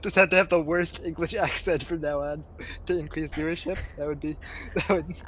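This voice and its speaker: A man's voice: fairly high pitch, steady tone, fairly quick, fairly bright tone. A man player teasing his friends in playful casual chat before an online tabletop game. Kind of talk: casual pre-session chat.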